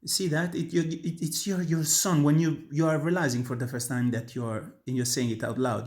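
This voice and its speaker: Italian-accented tenor giving a singing lesson. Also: male voice, on the high side, steady tone, normal speed, hardly any pauses, a little mellow. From Italy. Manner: earnest, emphatic teaching with frequent restarts. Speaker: opera tenor and voice teacher. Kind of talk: instructional talk on singing.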